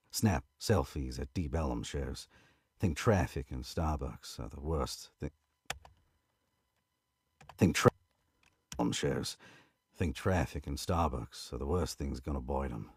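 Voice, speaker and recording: A man reading the lines of a gruff, grumpy werewolf man with an Australian accent, muttering low, slow and dry. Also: a little mellow, exaggerated voice. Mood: grumbling.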